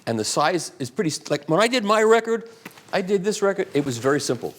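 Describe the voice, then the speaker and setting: A man's voice: high voice, big pitch swings, quick pace. A man at a live event, answering audience questions in a rambling, chatty way. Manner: rambling, chatty, with restarts and asides. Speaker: guest speaker at a live audiophile talk.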